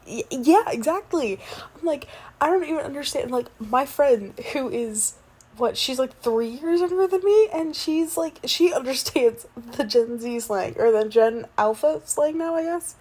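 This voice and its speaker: A woman's voice: high-pitched, expressive, unhurried, darkish tone, breathy edge, exaggerated voice. A woman in her twenties doing a whispered role-play as the listener's sleepy, chatty fiancée, rambling between yawns.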